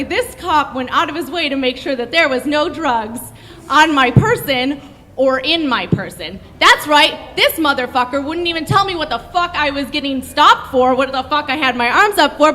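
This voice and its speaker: Brash bright-voiced woman telling a stage story. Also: high voice, big-room sound. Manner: brash, profane and animated.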